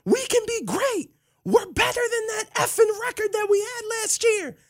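A hyped young male football player cries through a team huddle. His voice jumps far above a normal man's pitch into a squeaky, sobbing register. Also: sing-song, moderate pace, a bit bright, exaggerated voice. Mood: tearful hype. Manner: high squeaky crying pep-talk.

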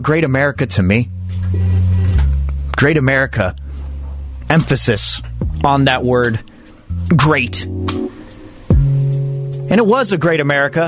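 Guy doing a radio show monologue, goofy dramatic slam-poetry vibe, music playing under him. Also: medium pitch. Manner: animated, mock-dramatic, comic slam-poetry delivery. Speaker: sports radio host.

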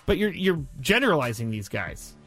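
A male sports radio host who mixes banter with live ad reads in an animated way. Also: fairly high pitch, moderate pace, soft background music.

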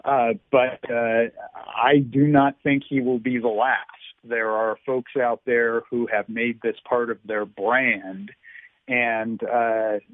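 Measured older man on a tinny phone line. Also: mid-range voice, level tone, dry recording. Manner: halting, measured, many fillers. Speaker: journalist guest. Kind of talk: phone-in radio talk.

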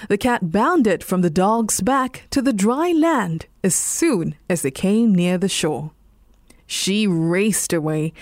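Singaporean English woman, bedtime narrator, unhurried and very expressive, dry close mic. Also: medium pitch, no echo. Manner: slow, soothing, lively intonation. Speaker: storyteller.

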